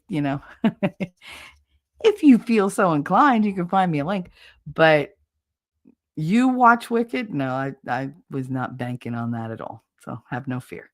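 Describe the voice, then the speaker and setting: A woman in her forties hosting a livestream, telling crude stories candidly and laughing often. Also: low voice. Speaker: livestream host. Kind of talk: casual chat with viewers.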